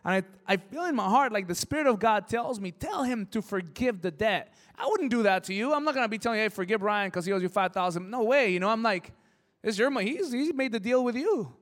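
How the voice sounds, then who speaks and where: A man from Mexico preaching, telling personal stories in a lively, emotional way that swings from hushed to loud. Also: high voice, quick pace. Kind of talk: sermon storytelling.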